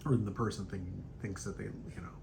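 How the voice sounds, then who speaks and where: A young man hosting a casual podcast, telling a story in a loose, profane way and acting out quotes in a higher voice. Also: quick pace, gravelly, a little hiss or hum. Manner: animated, profane, acts out quotes in raised pitch. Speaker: podcast host.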